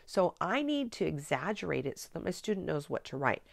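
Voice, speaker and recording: Lower-voiced woman coaching a spelling lesson. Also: sing-song, a little fast, no echo. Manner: clear, explanatory, coaching tone. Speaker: spelling teacher trainer. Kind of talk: instructional demonstration.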